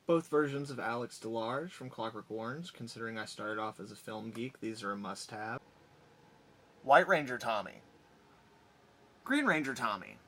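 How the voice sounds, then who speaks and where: A man's voice: mid-range voice, expressive, moderate pace, sharp tone. A man in a casual vlog, enthusiastically rambling as he rattles off items from his collection one after another.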